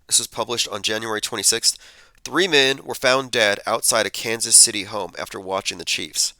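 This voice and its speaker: Male commentary host, casual and skeptical, lowish voice, crisp and bright. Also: normal speed, no echo. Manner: skeptical, conversational, thinks aloud with fillers. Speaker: podcast host. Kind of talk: casual commentary reading tweets and headlines.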